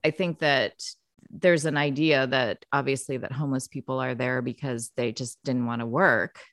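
A low-pitched woman with a gravelly voice hosting a podcast. She muses reflectively, working through her ideas as she goes, and the recording is dry and close. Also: fairly even intonation, normal speed, a bit bright, no echo. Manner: reflective, thinks aloud. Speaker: podcast host. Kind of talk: casual conversation.

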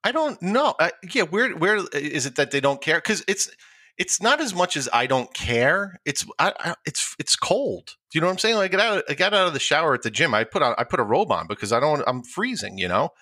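A middle-aged man co-hosting a casual podcast. His voice is bright and his pitch swings widely. He laughs often and stumbles into repeated words. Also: big pitch swings, brisk. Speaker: podcast co-host. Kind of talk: casual chat.

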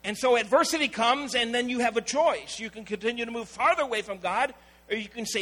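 A man preaches a sermon, his voice pitched very high and bright. He tells stories and acts out the people in them. A faint electrical hum sits under the recording. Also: brisk, rough recording. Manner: storytelling preacher, acting out quoted voices. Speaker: pastor.

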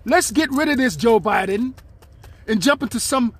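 A man's voice: extremely high pitch, lively intonation, moderate pace, fairly bright tone. A man hosting his own podcast, speaking, in a rambling, aggrieved monologue aimed straight at his listeners. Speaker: podcast host.

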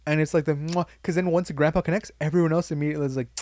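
A young man co-hosting a podcast in casual chat, rambling, swearing and acting out quotes with sudden high jumps in his voice. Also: steady tone, rapid-fire, darkish tone, no room sound. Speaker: podcast co-host.

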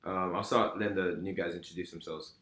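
A man's voice: deep voice, fairly even intonation, a little fast, fairly bright tone. A man hosting a casual podcast, teasing his friends in loose slang. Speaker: podcast host. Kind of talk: casual group chat. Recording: roomy room.

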